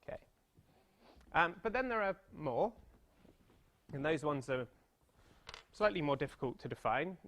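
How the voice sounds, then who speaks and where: A man's voice: a little high, lively intonation, unhurried, long pauses, fairly bright tone. A British man in his thirties giving a mathematics seminar talk, chatty and self-deprecating, with playful storytelling asides. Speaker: mathematics lecturer. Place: seminar room.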